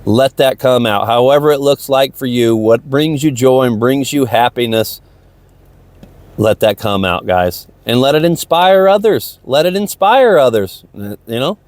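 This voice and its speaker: Speaking at a measured pace, this male podcast host has an animated, mid-range voice that's a little mellow, captured in a dry recording. He rambles outdoors by a lake in a casual, motivational, stream-of-consciousness monologue and repeats himself often.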